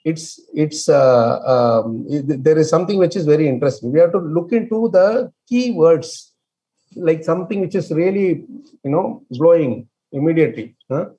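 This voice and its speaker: A man leading an online scripture class. He explains with many fillers and restarts and chants verses very slowly. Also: a little high, animated, mellow. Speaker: scripture study teacher.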